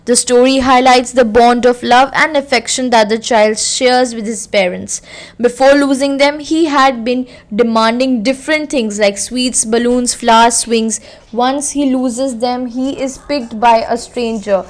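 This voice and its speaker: A woman teacher reading a story aloud slowly and carefully, then explaining it to her class. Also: a little high, fairly even intonation.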